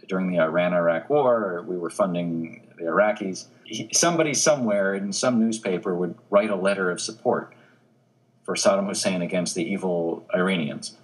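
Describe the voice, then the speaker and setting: A man who is a newspaper obituary editor, a guest in an interview, telling anecdotes in an animated way with frequent restarts. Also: low voice, normal speed, rough recording.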